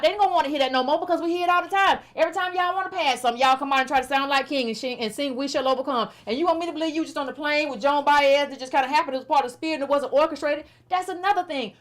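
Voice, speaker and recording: A middle-aged woman commentator giving blunt, repetitive, exasperated criticism in casual, informal speech. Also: high-pitched. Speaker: political commentator.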